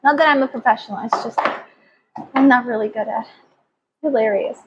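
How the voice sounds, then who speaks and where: Young female vlogger, high and rambling, self-mocking; dull home recording. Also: brisk, background noise. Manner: self-deprecating, giggly, rambling. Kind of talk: casual makeup vlog chat.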